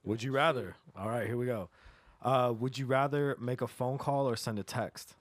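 A man hosting a casual chat, reading out game prompts and dropping quick agreements. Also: medium pitch, steady tone, no room sound. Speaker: host.

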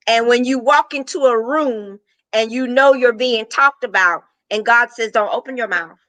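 A woman's voice: fairly high pitch, measured pace, bright, forceful tone, no room sound, low-quality recording. A middle-aged woman, a business coach, talking animatedly in a casual interview, laughing often and repeating words.

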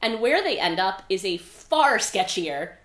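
In an unhurried, sing-song manner, a woman with a mid-range, slightly bright voice recaps a book for her podcast. The talk is loose and chatty, peppered with "like" and some cursing, in an echoey space.

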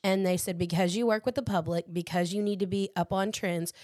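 A woman co-hosting a podcast, chatting casually and telling stories in a steady way. Her voice sits at a middle pitch for a woman. The sound is dry and close. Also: fairly quick, dry recording. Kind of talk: casual chat.

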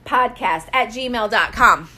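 A woman's voice: a little high, lively intonation, slow pace, sharp tone, low-quality recording. Chatty middle-aged woman podcaster. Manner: chatty, rambling, with many fillers. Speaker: podcast co-host. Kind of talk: casual podcast chat.

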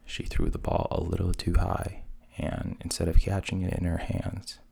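A man narrating a fairy tale softly, at times dropping to a whisper. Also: sits low, monotone, normal speed, creaky, husky. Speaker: storyteller.

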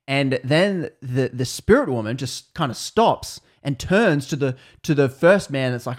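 A man recounts a spooky tale in a loose, chatty way, often backtracking and restarting his sentences. His voice sits at an ordinary middle pitch. He keeps things light, breaking off into laughter at his own asides. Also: lively intonation, unhurried, few pauses. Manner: rambling, self-correcting, laughs at own jokes. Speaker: podcast storyteller. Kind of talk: casual storytelling chat.

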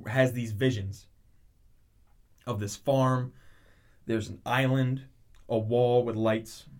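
A man in casual chat, animatedly retelling a show's plot with lots of restarts and tangents. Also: medium pitch. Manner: rambling, animated storytelling with frequent restarts.

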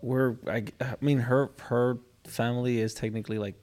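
A man's voice: medium pitch, fairly even intonation, normal speed, darkish tone. A man chatting casually on a podcast, laid-back and slangy, swearing freely.

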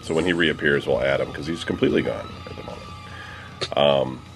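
A man hosting a casual podcast chat in a relaxed way, moving the conversation along. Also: extremely low pitch, normal speed, gravelly, faint music behind. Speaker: podcast host.

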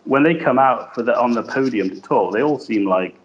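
Heard over a dull, lo-fi remote connection with a faint hiss, this man co-hosts a podcast in a mid-range voice. He's animated and brisk, yet his casual talk wanders and stalls, packed with filler words.

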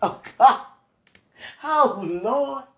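A woman's voice: sits high, very slow, bright, forceful tone. A woman, praying aloud in a fervent, pleading, rambling way and laughing between phrases. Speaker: religious speaker. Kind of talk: emotional spoken prayer.

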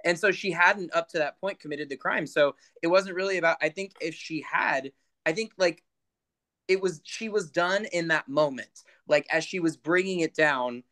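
Man, podcast guest, reflective and hedging, a bit high-pitched. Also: normal speed, pushed and bright. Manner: thoughtful, hedging, searching for words. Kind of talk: casual chat.

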